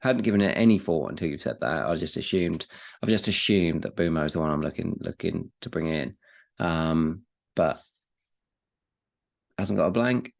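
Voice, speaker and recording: Very deep and gravelly yet expressive, this man's voice moves at a moderate pace as he co-hosts a laid-back football podcast. His chat rambles with repeated words and an occasional curse.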